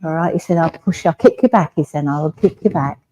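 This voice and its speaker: Gentle, mellow-voiced English woman medium. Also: sits low, fast, a little hiss or hum, low-quality recording. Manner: gentle, reassuring, often asks "all right?". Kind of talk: mediumship demonstration. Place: village hall.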